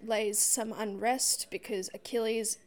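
A woman's voice: a little high, fairly even intonation, measured pace. A woman in a casual book discussion, rambling through a plot retelling with lots of "like".

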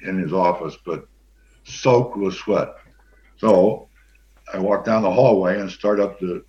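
An older man, a former pro football player, telling a long anecdote as an interview guest in a relaxed, rambling way with many fillers. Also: low voice. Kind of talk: anecdotal storytelling. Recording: dull lo-fi sound.

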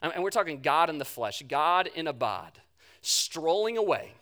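A man preaching a sermon, telling the story with animation and swinging from loud bursts to hushed words. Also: fairly high pitch, very animated, normal speed. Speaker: pastor.

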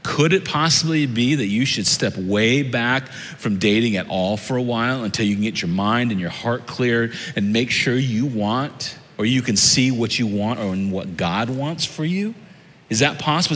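A middle-aged man preaching a sermon from the stage of a church auditorium, his mid-pitched voice ringing with the long reverb of the big room. He talks to the congregation in a plain, conversational way and keeps turning the point back to them with direct questions. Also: a bit bright. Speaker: pastor.

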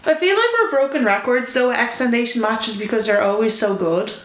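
A woman co-hosting a casual wrestling podcast, animated and playful, often laughing. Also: a little high, a little fast. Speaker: podcast co-host. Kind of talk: casual chat. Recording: echoey room, faint noise.

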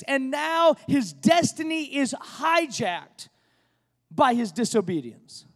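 A man's voice: very high voice, very animated, slow pace, fairly bright tone. A man preaching a sermon as a pastor, talking conversationally and building to emphatic peaks. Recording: long hall reverb.

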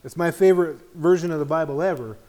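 A man's voice: on the high side, fast, warm tone. A middle-aged man teaching an informal Bible study in a conversational way, often checking in with the group.

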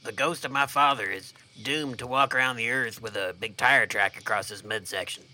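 Brief: man in his own voice, co-host spinning a goofy campfire tale, folksy deadpan, very bright sharp tone. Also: medium pitch, normal speed. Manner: folksy, drawling deadpan delivery. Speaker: podcast co-host and storyteller. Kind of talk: comedic campfire storytelling.

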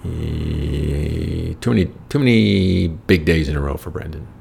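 Very gravelly deep-voiced American man. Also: unhurried, darkish tone, slight background noise. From United States. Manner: rambling, profane, wry. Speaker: storyteller host. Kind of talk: casual anecdotal storytelling.

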